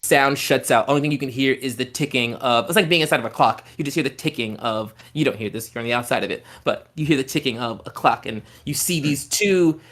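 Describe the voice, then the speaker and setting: A man at a mid-pitched, everyday speaking level who acts as a tabletop game master. He describes scenes at length in a loose, rambling way and keeps coming back to "like" and "um" while he builds the picture. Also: a little fast, hardly any pauses, a bit bright. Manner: loose, descriptive narration full of "like" and "um".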